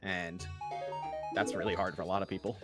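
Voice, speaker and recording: A young man chatting quickly on a stream, sprinkling in "like" and using a light radio voice. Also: deep voice, flat delivery. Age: young adult. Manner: fast talker, many "like" fillers, light radio voice. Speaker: podcast co-host, guest streamer. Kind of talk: casual chat on a stream. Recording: music playing behind.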